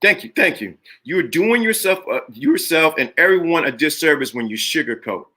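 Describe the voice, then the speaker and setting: This live stream host, a middle-aged man, preaches motivation to his viewers with emphatic repetition of key phrases. His voice is high, bright, and husky, far above the typical male range, and he talks expressively at a normal speed.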